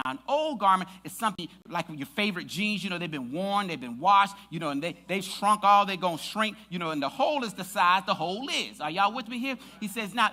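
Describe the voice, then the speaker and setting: Animated bright-voiced preacher man. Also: high voice. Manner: lively, joking with the congregation, rising to shouts. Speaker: pastor. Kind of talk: sermon. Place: church sanctuary.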